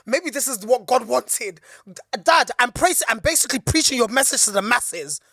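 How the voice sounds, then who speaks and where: An excitable woman co-hosting a podcast, her voice sitting a little high as she preaches with fervent emphasis. The sound is dry and close, with no room around it. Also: normal speed, no echo. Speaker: podcast co-host. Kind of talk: casual chat.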